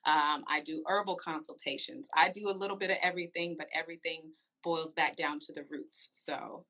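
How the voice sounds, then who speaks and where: A woman's voice: sits low, fairly even intonation, fairly quick, sharp tone. A woman from Seattle who is an herbalist and doula, a guest on a live online interview, upbeat and direct. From Seattle, Washington.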